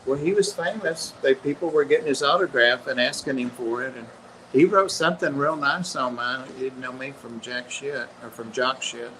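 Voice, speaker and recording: Bright-voiced man telling rambling stories. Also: mid-range voice, moderate pace, slight background noise, rough recording. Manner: rambling anecdotal storyteller. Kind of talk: casual chat.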